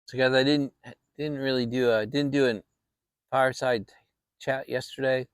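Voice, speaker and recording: A man's voice: medium pitch, fairly even intonation, normal speed, clean tone, dry recording, clean studio sound. A man hosting a casual fireside chat vlog, talking in a rambling, reflective way with many restarts. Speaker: channel host.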